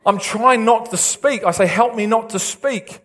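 Excitable high-voiced male preacher. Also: unhurried. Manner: excitable, animated preaching with big swings in pitch. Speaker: pastor. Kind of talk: sermon.

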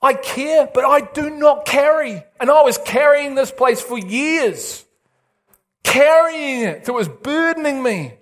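A male pastor preaching an excitable, animated sermon with big swings in pitch. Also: measured pace.

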